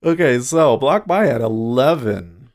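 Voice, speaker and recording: Gravelly-voiced man chatting on a livestream. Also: mid-range voice, expressive, a little slow, darkish tone. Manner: chatty, laughs often, trails off mid-thought. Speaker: streamer and day trader. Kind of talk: casual livestream commentary.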